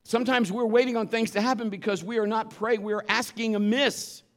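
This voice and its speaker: A man with a high voice delivers a conversational sermon at a brisk, steady pace, earnest and emphatic as he blends scripture with anecdotes from his own life.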